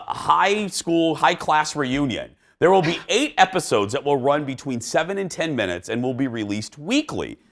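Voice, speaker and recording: A male talk show host, chatting casually and animatedly about entertainment news. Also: fairly high pitch. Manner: animated and chatty, laughing often. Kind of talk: casual chat.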